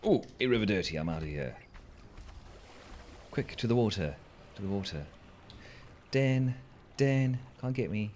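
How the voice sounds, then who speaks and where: A man's voice: fairly low pitch, lively intonation, unhurried, long pauses, a little mellow, slight background noise. A man chatting playfully through a game as a let's-play host, joking with the creatures on screen. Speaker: gaming channel host.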